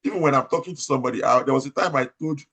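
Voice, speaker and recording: A man with a Nigerian accent, an operating room nurse manager giving advice in an interview, talking loudly and emphatically, repeating his points and asking rhetorical questions. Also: mid-range voice, rapid-fire, breathy edge.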